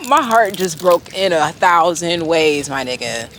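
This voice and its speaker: Young woman vlogging at the park, slow easy talk, swears a lot, faint noise behind. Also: lowish voice, big pitch swings. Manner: slangy, swears freely, thinks aloud. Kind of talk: casual vlog talk. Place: outdoors at a park. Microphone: handheld camera.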